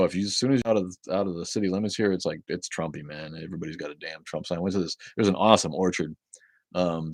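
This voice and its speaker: Deep-voiced, profane middle-aged man. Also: no room sound. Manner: rambling, profane, chatty. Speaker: livestream host reading viewer chat. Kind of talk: casual livestream chat.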